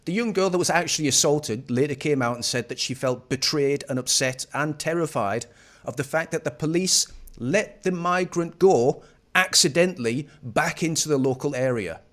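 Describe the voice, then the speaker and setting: A man's voice: fairly high pitch, moderate pace, fairly bright tone. A man giving casual reaction commentary on a news clip in a sarcastic, mocking manner.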